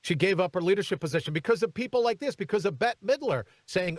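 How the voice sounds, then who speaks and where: A man's voice: sits high, lively intonation, quick pace, few pauses, no echo. A man hosting a talk radio show, giving emphatic commentary and turning often to his co-host. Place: radio studio.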